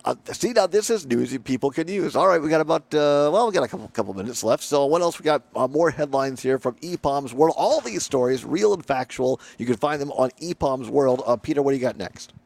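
A man's voice: mid-range voice, animated, brisk, creaky, hardly any pauses, darkish tone. A man hosting a radio talk show, chatting casually and joking, often laughing and repeating himself. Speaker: radio host.

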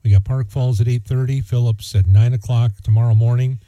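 A man's voice: medium pitch, fairly even intonation, fairly quick, warm tone, no echo. A man hosting a morning radio show in casual, joking chat, rambling with lots of fillers.

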